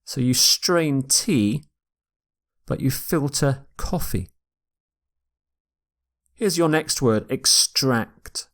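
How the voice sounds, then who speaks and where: A man teaching English vocabulary in a lecture, slowly repeating each word and its pronunciation for learners. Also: mid-range voice, lively intonation. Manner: slow and deliberate, repeating words for pronunciation.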